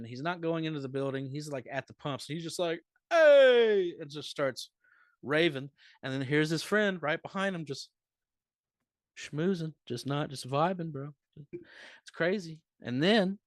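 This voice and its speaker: A man telling a profane, rambling comic story as a comedian guest on a live podcast, swinging between loud bursts and mutters. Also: fairly high pitch, dry recording, studio quality. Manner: animated, profane, rambling anecdote with big swings in loudness.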